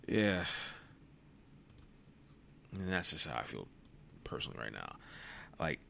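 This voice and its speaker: A man's voice: extremely low pitch, sing-song, takes it slowly, vocal fry, long pauses, fairly bright tone, a little hiss or hum. A worn-out young man hosting a solo podcast, rambling wearily and swearing freely, sometimes dropping to a whisper. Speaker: podcast host. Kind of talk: solo reflective monologue.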